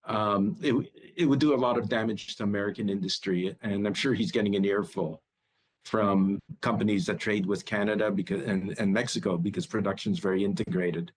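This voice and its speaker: A man's voice: lowish voice, steady tone, a little fast, rough recording. A man speaking as a bank strategist guest in a news interview, often repeating words as he starts a thought.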